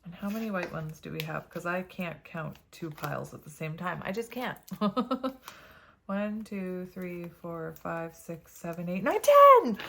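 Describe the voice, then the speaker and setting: A woman's voice: on the low side, a little slow, vocal fry, slight background noise. Chatty, giggly woman reading tarot. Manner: chatty, giggly, reads card messages aloud. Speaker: tarot reader. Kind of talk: casual tarot reading to camera.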